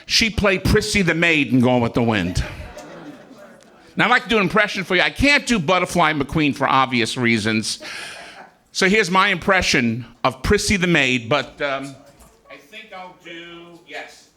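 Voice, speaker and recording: A male stand-up comedian working a comedy club stage, telling self-mocking jokes and chuckling through his punchlines. His voice is high and bright, swinging all over the place in pitch from one line to the next. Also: sing-song, moderate pace.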